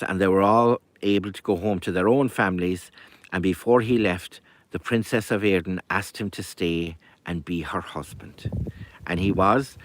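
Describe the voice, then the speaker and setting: A man telling a folk tale in a lively, chatty way with asides. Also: fairly low pitch, no echo. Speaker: storyteller. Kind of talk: oral folk storytelling.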